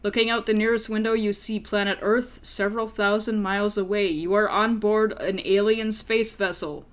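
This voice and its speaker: A woman's voice: mid-range voice, fairly even intonation, normal speed. A woman reading an adventure book aloud as game master, playful and casual, laughing and swearing among friends. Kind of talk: reading a story aloud to players.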